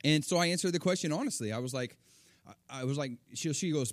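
Animated man preaching a story, dry sound. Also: on the high side, fast talker, dry recording. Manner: animated, acts out quoted voices. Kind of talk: sermon storytelling.

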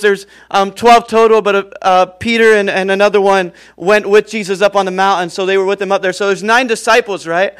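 A man's voice: high-pitched, fairly bright tone, smooth. A young man preaching a sermon in a casual, chatty way, with many fillers, praying and reading scripture.

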